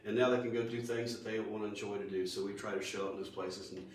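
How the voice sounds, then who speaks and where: A man's voice: on the low side, steady tone, quick pace. Country singer guy chatting folksy, lots of restarts, echoey room, sounds far off the mic. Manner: folksy storyteller with many restarts. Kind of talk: casual interview chat.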